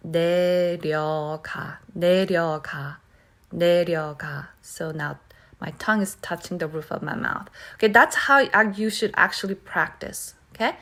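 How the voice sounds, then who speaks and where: A woman teaching pronunciation who repeats words slowly and keeps checking in with "okay?". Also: fairly low pitch, bright, forceful tone. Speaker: Korean language teacher. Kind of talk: pronunciation lesson.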